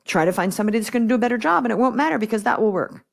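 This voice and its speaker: A woman's voice: fairly high pitch, expressive, rapid-fire, gravelly. Blunt, direct woman coach. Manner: blunt, direct, acts out quoted exchanges. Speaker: guest business coach. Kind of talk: podcast interview conversation.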